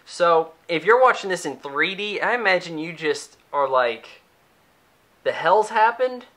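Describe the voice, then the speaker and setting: A man's voice: a little high, lively intonation, moderate pace, bright, forceful tone. A young man giving a casual, sarcastic, rambling movie review, acting out the characters' lines as he goes.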